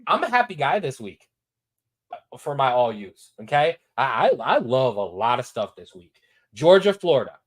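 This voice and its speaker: A man hosting a sports talk show, giving his betting picks in a lively, repetitive, hyped-up way. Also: mid-range voice, normal speed. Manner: animated, repetitive, hypes picks.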